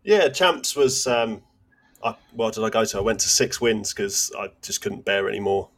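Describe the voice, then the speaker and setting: A man's voice: fairly low pitch, animated, moderate pace, fairly bright tone. A man co-hosting a casual podcast while ill and under the weather. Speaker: podcast co-host. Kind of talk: casual banter.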